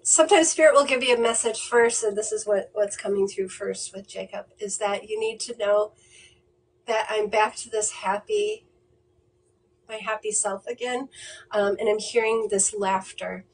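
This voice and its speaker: A woman giving a mediumship reading on a livestream, speaking gently and reassuringly, with many fillers and restarts. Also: mid-range voice, fairly even intonation, normal speed. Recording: distant mic with faint noise.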